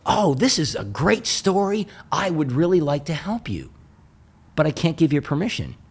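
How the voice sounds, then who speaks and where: A man's voice: on the high side, sing-song, normal speed, darkish tone, husky, heavily acted. Man doing a gushing young woman receptionist. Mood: excited. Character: excited young woman receptionist, eager and helpful.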